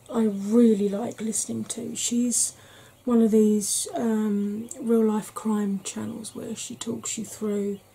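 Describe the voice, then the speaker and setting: A Welsh woman chatting frankly in a soft-spoken ASMR vlog, rambling with fillers. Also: fairly high pitch, creaky, slight background noise. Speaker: ASMR vlogger.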